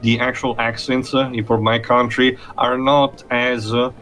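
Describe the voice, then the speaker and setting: A man talks through a game he is playing in casual commentary. His voice sits at an ordinary middle pitch, and his delivery is measured and thoughtful. He often stops to search for the right word. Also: little pitch movement, a bit bright. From Italian-speaking Switzerland. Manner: measured, thoughtful, often pausing to find words. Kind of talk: casual let's-play commentary.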